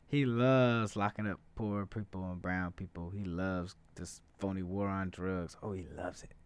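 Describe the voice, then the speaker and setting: A man hosting a podcast alone in a loose, profane monologue, with plenty of uhs and asides. His voice is smooth and clean, at a middling pitch. The recording is dry and close, with no room sound. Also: fairly even intonation, a little slow, no echo. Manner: conversational and profane, many filler uhs. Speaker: podcast host. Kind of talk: casual political podcast monologue.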